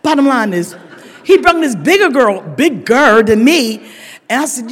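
An older woman sharing a humorous recovery story with a meeting, a lively storyteller who laughs often and rises to shouted emphasis. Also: a little high, measured pace. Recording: echoey hall.

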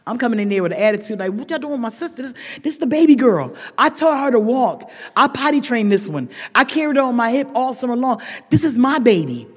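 A woman's voice: fairly high pitch, big pitch swings, fast, few pauses, breathy edge. A woman sharing her recovery story at a meeting, raw and emphatic, talking straight to the room. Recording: long reverb of a large hall.

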